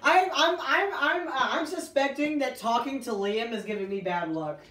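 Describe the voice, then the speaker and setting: A woman's voice: sits high, moderate pace. A woman hosting a game stream in casual chat, teasing her co-player and laughing often. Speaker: stream host. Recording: roomy, distant mic, noisy.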